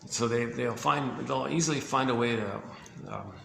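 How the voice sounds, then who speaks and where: Gravelly-voiced guy rambling through a psych explainer, stops and restarts a lot, roomy echo, faint hum behind. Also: medium pitch, a bit bright. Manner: halting, searching for words, repeats himself. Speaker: speaker on psychology. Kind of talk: casual explanatory monologue. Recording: echoey room with faint ambience.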